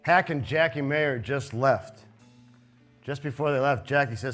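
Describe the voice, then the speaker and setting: A man with a fairly high voice tells a personal story live on a theater stage. He is animated and conversational, then softens for the sad passages. A faint guitar plays underneath. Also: moderate pace. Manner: animated, conversational, drops soft for sad moments.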